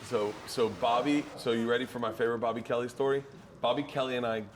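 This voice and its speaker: A man from Florida, a comedian, telling an animated story in a casual chat. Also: fast talker, slight background noise. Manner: animated storyteller who swings his pitch for effect. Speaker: comedian, podcast guest.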